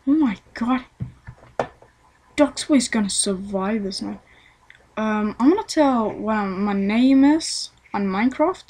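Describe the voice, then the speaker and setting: Lady talking slow over her game, kinda high voice, rambly and swears at stuff. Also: lively intonation, darkish tone, a little hiss or hum, poor audio. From Sweden. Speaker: let's play gamer. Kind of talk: casual gameplay commentary.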